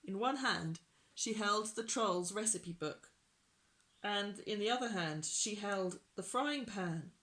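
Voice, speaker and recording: A storytime reader narrating a children's picture book gently and unhurriedly for young listeners. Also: medium pitch, slow pace.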